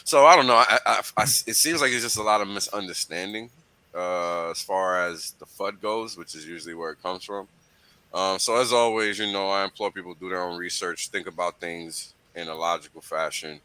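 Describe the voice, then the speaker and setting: Host, man, deep forceful voice, casual explainer. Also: brisk. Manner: explains with repeated "right?" and "you know". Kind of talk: casual crypto chat.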